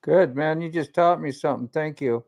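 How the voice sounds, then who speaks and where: A man's voice: fairly high pitch, normal speed, gravelly, darkish tone. A man chatting on a group livestream, easygoing, asking how to do things on his phone. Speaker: livestream guest. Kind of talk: casual chat on a group livestream.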